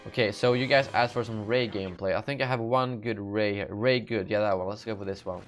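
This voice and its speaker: A man's voice: on the low side, fairly even intonation, a little fast, faint music behind. A young man hosting a live gaming Q&A, reading out chat questions and answering in a sleepy, rambling way with many fillers and self-corrections. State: sleepy, yawning. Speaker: gaming channel host.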